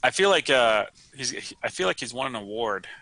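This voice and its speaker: Gravelly, lively joking man. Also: medium pitch, fairly quick, no echo, low-quality recording. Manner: joking, laughs often. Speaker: co-host. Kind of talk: casual banter.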